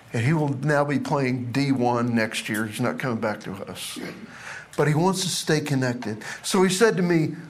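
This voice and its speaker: A man's voice: mid-range voice, a little hiss or hum. A man teaching a Bible class to a group in a classroom, chatty and self-deprecating.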